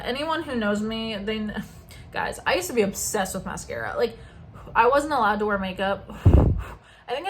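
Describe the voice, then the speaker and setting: A woman's voice: fairly high pitch, a bit bright, a little hiss or hum. A young woman vlogging at home at night, chatting casually and rambling through asides while she does her makeup close to the camera. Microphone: camera very close to her face.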